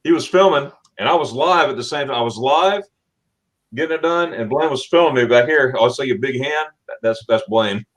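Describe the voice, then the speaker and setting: Lively storytelling man from Florida. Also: medium pitch, fairly quick. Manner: animated storyteller, acts out quotes with laughs. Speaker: livestream host. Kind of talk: casual livestream chat.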